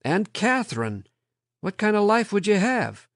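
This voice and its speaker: A man's voice: mid-range voice, animated, moderate pace, no echo, clean studio sound, close to an everyday voice. A man voicing an anguished department head. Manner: pleading, rising urgency. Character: anguished middle-aged male department head.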